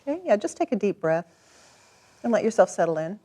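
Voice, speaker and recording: A woman with a mid-range voice leads a client through a tapping session. She speaks calmly and gives gentle, encouraging directions. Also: medium pitch, a little fast. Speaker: tapping practitioner.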